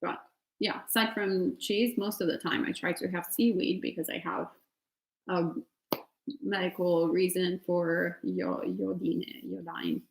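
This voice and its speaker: Italian lady meditation teacher, creaky voice, rambly casual q&a, lots of ums. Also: fairly low pitch, level tone, measured pace. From Italy. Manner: chatty, laughs often, many fillers. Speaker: meditation teacher answering questions. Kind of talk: casual Q&A at an online retreat. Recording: roomy echo.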